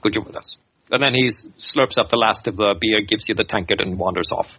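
A man's voice: fairly low pitch, fairly quick, vocal fry, slight background noise. A man narrating as game master of a tabletop game, hesitant and full of fillers. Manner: hesitant, with many fillers and restarts. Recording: dull lo-fi recording.

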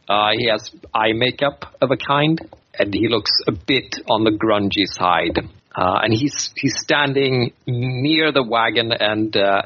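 A man's voice: mid-range voice, a little hiss or hum. A man narrating as game master of a tabletop game, hesitant and full of fillers. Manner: hesitant, with many fillers and restarts. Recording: dull lo-fi recording.

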